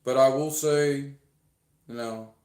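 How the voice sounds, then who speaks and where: Heavy background noise sits under this man's slow, steady, medium-pitched voice as he chats casually on a livestream. He rambles and repeats himself with lots of fillers, earnestly thanking fans in an echoey room.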